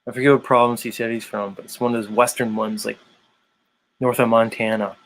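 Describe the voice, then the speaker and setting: A man's voice: mid-range voice, little pitch movement, a little fast, vocal fry, fairly bright tone, slight background noise. A man hosting his own online show, chatting loosely and rambling with lots of fillers. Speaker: show host. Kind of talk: casual livestream chat.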